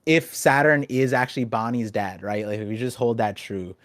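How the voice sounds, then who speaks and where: A young adult man hosting a casual podcast chat, talking in an animated, rambling way with lots of restarts. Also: mid-range voice, normal speed, no room sound, clean studio sound. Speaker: podcast host.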